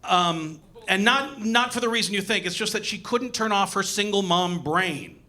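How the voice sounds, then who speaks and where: A young man doing stand-up at a comedy club, talking into a stage mic. His voice sits high and sounds bright and forward. He plays out his punchlines with lively, animated delivery. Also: moderate pace.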